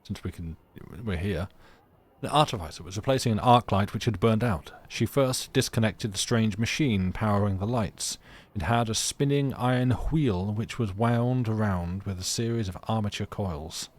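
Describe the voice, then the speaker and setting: A man's voice: on the low side, normal speed. A man streaming a story game live, reading its narration aloud with casual, chatty asides and playful restarts.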